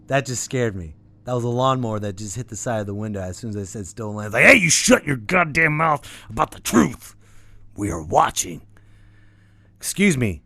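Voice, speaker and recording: Animated, sarcastic man ranting. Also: mid-range voice, dry recording. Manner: animated, sarcastic, swearing freely. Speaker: podcast host. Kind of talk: casual ranting monologue.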